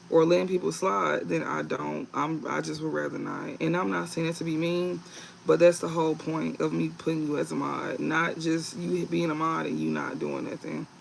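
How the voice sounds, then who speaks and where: A young man hosting a live tarot reading stream, talking in a calm, low-key, casual way with slang. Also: creaky, slight background noise, rough recording.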